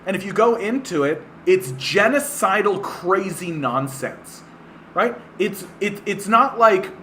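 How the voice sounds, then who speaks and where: A man from Canada rants scornfully in political commentary. He stumbles and repeats himself, and his voice is bright and somewhat high. There is a faint hiss of noise behind him. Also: lively intonation, slow. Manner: scornful, repetitive, filler-heavy. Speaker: livestream host.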